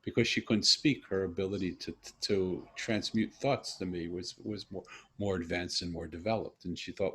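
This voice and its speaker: A man with a very low, husky voice tells a long personal story to a guest. He speaks earnestly and reflectively, pausing and restarting as he searches for the right words. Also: steady tone, a bit bright. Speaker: host. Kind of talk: conversational storytelling.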